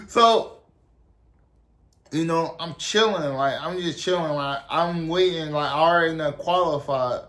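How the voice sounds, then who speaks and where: A man's voice: on the high side, a bit bright. A young man from South Carolina, telling a story casually and rambling with lots of "like" and "you know". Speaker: storyteller, army veteran.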